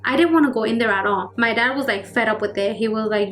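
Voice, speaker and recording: Rapid, chatty young woman telling a story. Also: fairly high pitch, a bit bright. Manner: rapid, filler-heavy retelling with acted quotes. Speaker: storytime vlogger. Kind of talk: casual storytelling. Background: faint background music.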